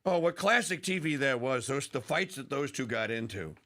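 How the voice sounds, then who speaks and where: A man's voice: mid-range voice, expressive, normal speed, pushed and bright. A middle-aged man hosting a radio talk show, rambling, laughing and slipping into mock voices.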